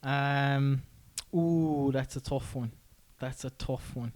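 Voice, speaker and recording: A man's voice: mid-range voice, fairly even intonation, slow, a little mellow. An Irish man co-hosting a casual podcast, easygoing, ending lines with "boy" and "kid". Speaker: podcast co-host.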